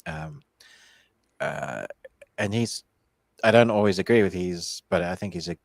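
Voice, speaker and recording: A man's voice: low voice, very animated, a little slow, gravelly, no room sound. A man co-hosting a casual movie review podcast, blunt and opinionated with a wry edge. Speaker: podcast co-host. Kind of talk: casual chat.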